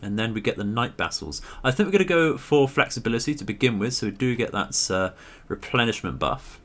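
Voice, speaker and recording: A man, hosting a gaming video and talking through a strategy game in a polite, measured way with frequent fillers. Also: medium pitch, very animated.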